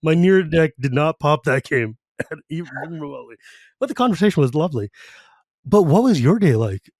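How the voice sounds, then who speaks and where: A man's voice: a little high, lively intonation, a little mellow, no room sound. Enthusiastic male podcast host, dry close sound. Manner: enthusiastic, fast-talking, full of "like" asides. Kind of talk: casual podcast chat.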